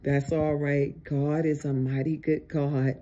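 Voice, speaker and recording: An online preacher giving an informal video sermon, tired and exasperated, with drawn-out, emphatic exhortations. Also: mid-range voice, flat delivery, dark tone, dull audio, slight background noise.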